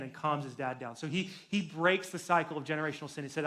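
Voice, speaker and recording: A young man gives a youth sermon in a loose, animated storytelling way, with jokes to his teenage listeners. His voice sits high for a man. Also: quick pace, hardly any pauses. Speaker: youth pastor. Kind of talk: sermon to teens.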